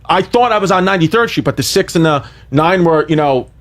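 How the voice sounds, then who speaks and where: A man telling a comedic story on a podcast, animated and profane, acting out the lines he quotes. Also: on the high side, a little fast.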